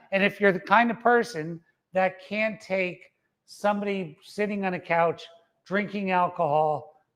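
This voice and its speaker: Middle-aged guy doing a motivational talk, kinda high voice, hammers his points, says uh-huh a lot. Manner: emphatic, repeats key phrases, adds "uh-huh" after his points. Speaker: motivational speaker.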